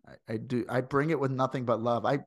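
A man's voice: medium pitch, fairly even intonation, a little fast, no room sound, studio quality. A man with a Midwestern American accent hosting a podcast over a video call, chatting casually and rambling with lots of fillers. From St. Louis, USA. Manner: rambling, digressive, many fillers. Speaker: podcast host.

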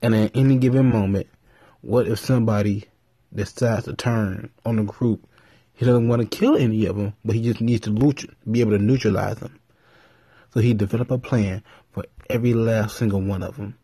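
A man talking casually on his vlog, rambling and cursing freely as he tells stories. His voice is husky and mellow, at a middle pitch. The recording is dry, with no room sound. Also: normal speed, no room sound. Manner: rambling, profane, animated storytelling. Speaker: vlogger. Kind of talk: casual commentary.

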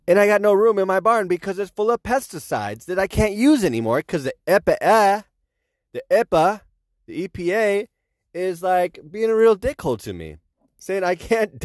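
A brash, defiant Midwest farmer who swears his way through every gripe, put on by a man. The voice sits high and bouncy over a plain, dry sound. It comes across as a swaggering comedy caricature. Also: dry recording. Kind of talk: comedic impression.

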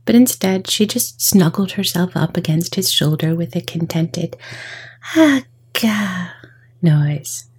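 A woman narrating a children's story, often in a soft half-whisper with playful emphasis and a breathy, husky voice. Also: on the low side, unhurried, few pauses.

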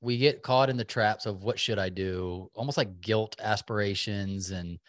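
A man's voice: on the low side, moderate pace, dry recording, clean studio sound. A man co-hosting a podcast, talking in a casual, reflective and encouraging way with lots of loose fillers. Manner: chatty, many "like" fillers. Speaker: podcast co-host.

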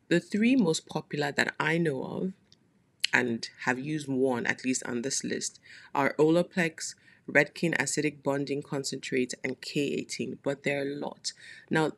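Chatty podcast host with vocal fry. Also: mid-range voice, normal speed, fairly bright tone. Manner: chatty, playful asides with frequent laughs. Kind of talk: casual solo podcast monologue.

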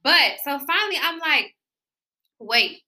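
A woman co-hosting a podcast in casual chat, telling an animated story and swearing freely. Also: a little high, a little fast. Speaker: podcast co-host.

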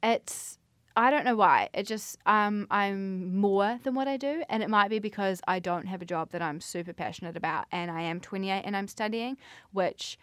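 A woman's voice: mid-range voice, normal speed, a bit bright, dry recording. Rambling woman in her twenties, dry. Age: 20s. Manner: rambling, self-deprecating, swears. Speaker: podcast host. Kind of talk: solo podcast monologue.

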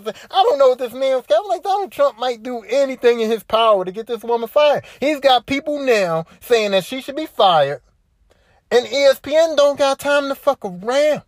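A woman's voice: a little high, animated, moderate pace, dry recording. Lady podcaster going off, swearing a lot and repeating herself, dry close sound. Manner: profane, repetitive, worked-up commentary. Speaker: podcast host. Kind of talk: casual solo podcast rant.

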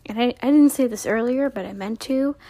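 A woman's voice: a little high, brisk, mellow, no echo. A young woman recapping a TV episode in a casual, rambling way, full of "like" and acted-out character lines, sounding tired.

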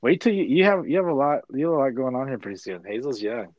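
A middle-aged man in casual chat, an animated storyteller who says "dude" a lot. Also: mid-range voice, fast, dry recording, highs cut off. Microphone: video call.

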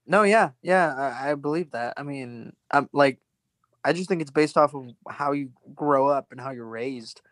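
A man's voice: medium pitch, moderate pace, fairly bright tone, no room sound. Young man rambling and laughing, dry sound. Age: young adult. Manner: rambling, lots of "like", laughs often. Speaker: podcast co-host. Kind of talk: casual chat among friends.

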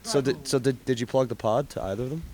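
A man's voice: mid-range voice, quick pace, mellow. A young man hosting a casual podcast, bantering and swearing in jest. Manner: joking, profane banter. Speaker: podcast host.

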